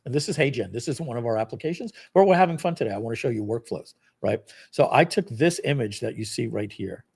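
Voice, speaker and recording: A man hosting a live product launch stream, walking viewers through a software demo in a casual, rambling, self-deprecating way with lots of fillers. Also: mid-range voice, animated, quick pace, gravelly, slightly rough.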